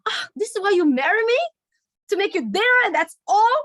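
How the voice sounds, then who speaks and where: A woman's voice: sits high, big pitch swings, normal speed, fairly bright tone, dry recording, exaggerated voice. A woman acting out an indignant wife who answers every question with a question, in a theatrical, mock-offended way. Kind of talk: acted improv demonstration.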